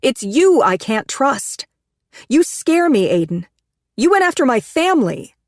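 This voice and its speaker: A woman's voice: mid-range voice, animated, moderate pace, no echo, studio quality, voice pushed up, close to an everyday voice. A woman voicing a frightened, hostile woman who speaks sharply and accusingly in a storybook reading. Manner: sharp, raised, accusing delivery.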